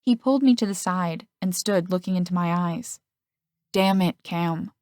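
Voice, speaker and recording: A woman narrates a first-person audiobook in a fairly low voice, close to the mic. The recording is dry, with no room sound, and she lifts her voice slightly when the characters speak. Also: fairly quick, a little mellow, no room sound. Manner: reads male and female characters' lines with shifts in pitch.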